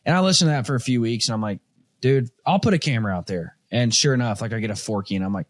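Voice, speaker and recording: A man's voice: mid-range voice, quick pace. A man spins a rambling story in an easygoing talk-show manner, jumping into other people's voices along the way. His voice sits in a middle register. The sound is close and dry, with no room echo. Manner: animated storyteller, acts out quoted voices. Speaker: podcast host. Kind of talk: casual hunting story chat.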